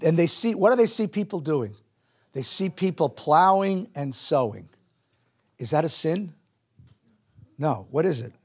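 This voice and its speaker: Husky-voiced man teaching a lively class. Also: a little high, measured pace, pauses often. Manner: animated, questions the audience, drops Hebrew and Yiddish words. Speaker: teacher of a Jewish text class. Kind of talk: lively teaching to a live audience.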